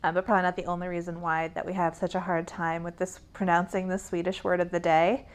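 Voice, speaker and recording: A woman's voice: fairly low pitch, flat delivery, fast, clean tone. A woman cohosting a casual chat show, chatty and correcting details with a laugh.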